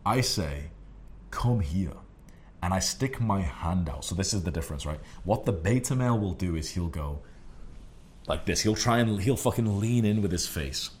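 A man's voice: low-pitched, lively intonation, normal speed, darkish tone, a little hiss or hum. A man talking as a dating coach in a casual monologue, brash and profane and full of fillers.

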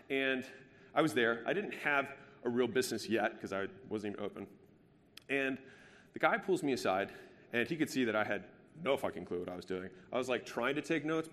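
A man's voice: mid-range voice, fairly bright tone. A man in his thirties giving a live business presentation in a brash, casual and profane joking way. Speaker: business speaker. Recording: long hall reverb.

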